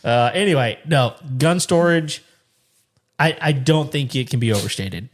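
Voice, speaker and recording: A man's voice: medium pitch, animated, measured pace. A man co-hosting a home show, chatting casually and acting out both sides of a phone call as he tells a story, often laughing. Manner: laughs often while telling stories. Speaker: podcast co-host. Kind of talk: casual chat.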